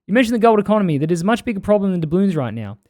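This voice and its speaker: This is a put-on New Zealand accent that keeps sliding toward Australian, done by a man. The reading is earnest and steady as it works through a long list of complaints. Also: high-pitched, rapid-fire, no room sound, studio quality. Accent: put-on New Zealand accent drifting toward Australian.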